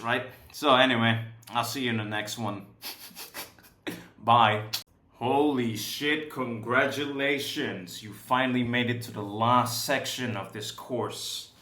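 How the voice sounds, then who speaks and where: A young man talks through an online lesson with loud, restless energy. He swears often and keeps throwing in "right?" while he talks. His voice sits at an everyday middle pitch, and it carries a clear roomy echo. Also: fairly even intonation, measured pace, slight background noise. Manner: profane, high-energy, keeps asking "right?". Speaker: course instructor.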